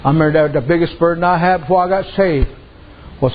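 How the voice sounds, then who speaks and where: A man's voice: fairly high pitch, fast talker. A man preaching a sermon, telling folksy stories and dropping repeated amens. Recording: dull lo-fi recording.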